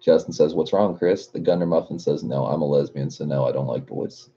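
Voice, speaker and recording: A man's voice: extremely low pitch, brisk, dark tone, slightly rough. A man hosting a casual livestream, reading viewer comments aloud with laughter and cursing. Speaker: livestream host. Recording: dull lo-fi stream audio.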